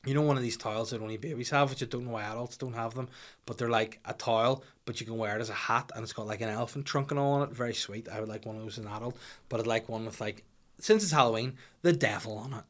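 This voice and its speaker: Brief: male comic, mid pitch, rambling and excitable with lots of swearing, podcast monologue. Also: fast talker. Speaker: comedian podcast host.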